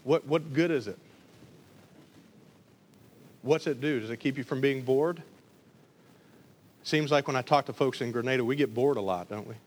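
A man from the Detroit area preaching a lively sermon, acting out voices in his stories. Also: medium pitch, moderate pace, long pauses. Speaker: pastor.

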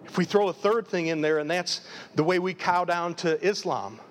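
A man's voice: high voice, fairly even intonation, moderate pace. A man preaching a live sermon as pastor, emphatic and full of repeated rhetorical questions. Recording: long reverb of a large hall.

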